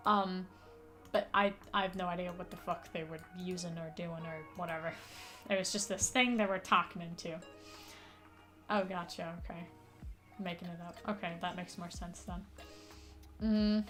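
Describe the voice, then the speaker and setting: A woman's voice: lowish voice, steady tone, moderate pace, long pauses, a bit bright, faint music behind. Rambling, chatty streamer woman. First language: not English. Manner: rambling and chatty, with frequent fillers, casual swearing and laughter. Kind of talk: casual rambling chat while playing a puzzle game.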